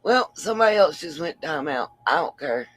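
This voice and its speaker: Worn out after a long stream, a woman host signs off with casual, affectionate chat, laughing often with her viewers. Her deep voice is expressive and a little fast.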